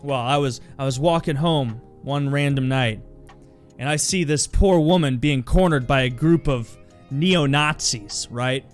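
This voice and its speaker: A man hosting a podcast, casually telling an absurd story in a deadpan way. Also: medium pitch, measured pace, soft background music. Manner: deadpan storytelling, breaks into laughs. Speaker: podcast host.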